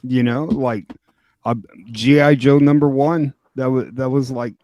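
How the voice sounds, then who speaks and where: A man hosting a podcast, chatting in a relaxed way with lots of fillers. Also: mid-range voice, measured pace, highs cut off, crowd noise. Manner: relaxed, filler-heavy talk. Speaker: podcast host. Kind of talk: casual chat.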